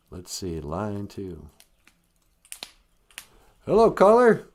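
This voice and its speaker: Jokey man hosting a live stream, lively voice. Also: on the low side, measured pace, pauses often. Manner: jokey, laughs often, loose storytelling. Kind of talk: casual comedic live stream teaching words.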